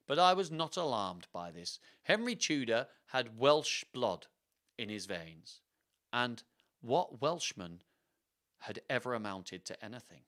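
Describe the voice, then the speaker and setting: Man, live storybook reading, animated, jokey asides, mid pitch. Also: unhurried. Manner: jokey, self-interrupting, talks to the live chat.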